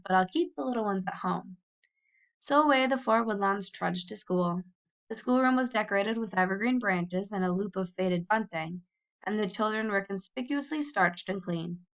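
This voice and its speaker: A woman's voice: mid-range voice, a bit bright. A woman reading a classic children's novel aloud as a storyteller, lifting her voice for the children's quoted lines. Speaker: audiobook reader. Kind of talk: scripted narration of a children's novel.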